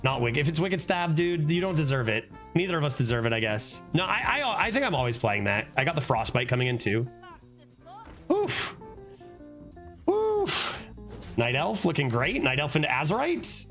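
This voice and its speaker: A fairly high-voiced man commenting on his own card game while streaming, his pitch swinging widely as he reacts. He talks casually, swears freely and bursts into laughter. Soft music plays faintly behind him. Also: brisk, few pauses. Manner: animated, swears often, frequent laughing outbursts.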